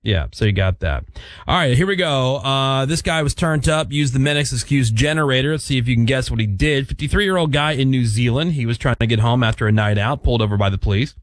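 A man's voice: mid-range voice, fairly quick, no echo. Dry-sounding storytelling male host. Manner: storytelling, animated when quoting others. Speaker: radio show host. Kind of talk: casual morning show banter.

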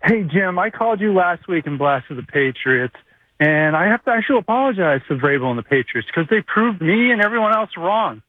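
A man calls in to a sports radio show, talking like an eager fan. His voice sits a little high and comes through a thin, tinny phone line. The sound is dry, with no room around it. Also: big pitch swings, fairly quick, no room sound. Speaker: caller.

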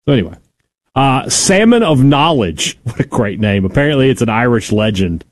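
Playful, lively male sports radio host. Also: medium pitch, moderate pace. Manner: animated, playful, joking. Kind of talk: casual sports talk radio banter.

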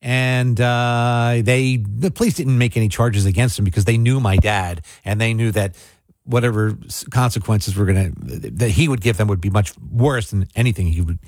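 An older man from South Jersey co-hosts a radio talk show and wanders through his stories at an easy pace. His voice is low and husky. The studio sound is dry and close. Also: moderate pace, a little mellow, dry recording. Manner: rambling storyteller, easygoing. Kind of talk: casual radio chat. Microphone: studio microphone.

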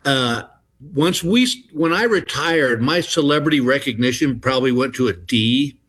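A man's voice: medium pitch, expressive, moderate pace, a bit bright, breathy edge. A middle-aged man, a comedian guest telling rambling anecdotes in a casual interview. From Texas. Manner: rambling anecdotes with restarts and acted-out voices.

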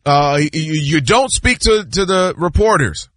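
A man debating basketball on a sports show, emphatic and lively, acting out players and fans as he argues. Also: a little high, no echo. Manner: emphatic, acts out players and fans in quick voices.

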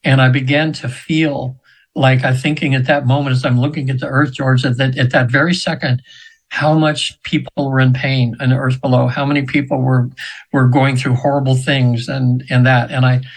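A man's voice: medium pitch, flat delivery, normal speed, poor audio. A man in his seventies, a radio show guest, telling a spiritual story in an earnest, meandering way with frequent restarts. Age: 70s.

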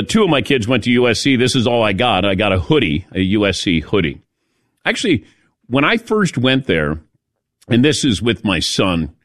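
A man's voice: mid-range voice, a bit bright, no echo, studio quality. A middle-aged man hosting a casual sports talk radio show, chatty and storytelling, laughing at his own jokes.

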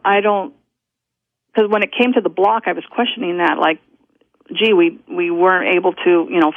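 A woman recounts a personal story down a thin, tinny telephone line. Her speech is dry and close, full of restarts and small laughs. Her pitch sits in an ordinary middle range. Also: no echo. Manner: rambling, self-interrupting, laughs often. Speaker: guest.

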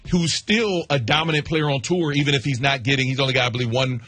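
A man co-hosting a sports radio show in casual talk, measured and agreeable as he thinks aloud. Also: mid-range voice, fairly even intonation, fairly bright tone, husky, dry recording.

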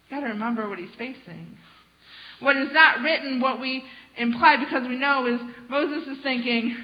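A woman preacher giving a sermon in an animated, conversational storytelling manner. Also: sits high, normal speed. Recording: dull lo-fi sound.

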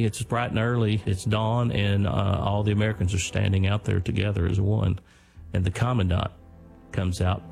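An older man earnestly telling the story of his father's wartime stand, speaking in a deliberate way. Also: deep voice, creaky, warm tone. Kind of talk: storytelling talk.

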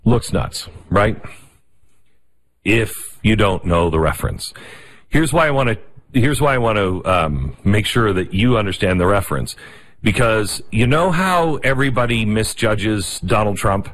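Animated middle-aged male talk host. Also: fairly low pitch. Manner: animated, rapid, sarcastic. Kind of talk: opinion commentary monologue.

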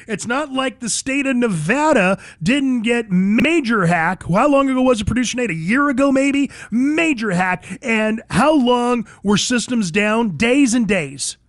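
A man's voice: very high voice, animated, measured pace, few pauses, fairly bright tone, no room sound, clean studio sound. A man hosting a talk radio show, delivering an emphatic, opinionated monologue full of repetition.

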